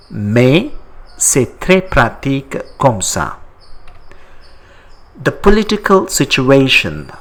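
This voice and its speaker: A man giving a slow step-by-step language lesson, repeating each example word twice. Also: medium pitch, fairly bright tone. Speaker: language teacher.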